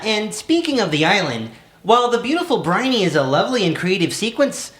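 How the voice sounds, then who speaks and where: A woman co-hosting a film review with brisk, wry remarks. Her pitch moves in a lively way. The room adds an echo. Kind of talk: scripted review commentary.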